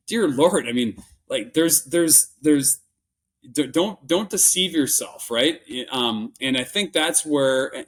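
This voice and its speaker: A man's voice: fairly high pitch, breathy edge. A man with a Minnesota accent, a podcast guest telling candid stories in an earnest, rambling way with many restarts. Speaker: podcast guest, business buyer. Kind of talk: candid interview storytelling.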